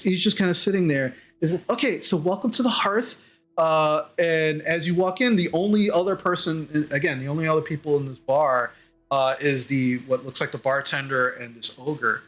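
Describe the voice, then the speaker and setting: Man, game master, higher-pitched voice, halting narration, faint music behind. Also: fairly bright tone. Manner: hesitant, full of ums and likes.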